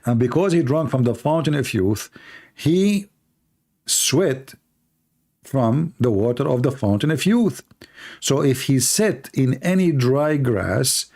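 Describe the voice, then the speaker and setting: A man's voice: mid-range voice, expressive, slow, a little mellow. Sarcastic man with broken English grammar. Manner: mocking, theatrical, with non-native grammar. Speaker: online show host. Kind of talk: sarcastic monologue.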